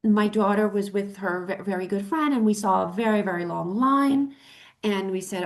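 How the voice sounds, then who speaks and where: A middle-aged woman tells a story in a casual talk show. She is chatty and animated, often restarting her sentences. She acts out the voices of the people she quotes. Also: mid-range voice, moderate pace. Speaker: co-host.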